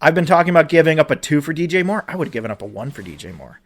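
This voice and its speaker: A man on a podcast in full sports-rant mode, his fairly high voice lurching between quiet grumbles and heated, swearing outbursts. He talks casually and animatedly, piling on rhetorical questions. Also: racing. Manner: animated, swearing, voice rising to near shouts when upset. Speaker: podcast co-host. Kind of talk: ranting sports chat.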